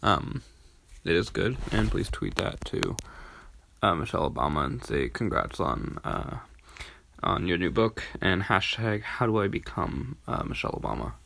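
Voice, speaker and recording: A man's voice: low-pitched, big pitch swings, normal speed, gravelly, a bit bright, slight background noise. Tired, rambling young man podcasting. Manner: rambling, filler-heavy, tired. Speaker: podcast host. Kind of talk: casual rambling podcast monologue.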